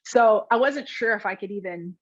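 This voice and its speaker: A woman's voice: medium pitch, dull audio. Candid woman realtor telling her story. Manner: candid, fast storytelling with many likes and ums. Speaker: guest, realtor. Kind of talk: podcast interview storytelling.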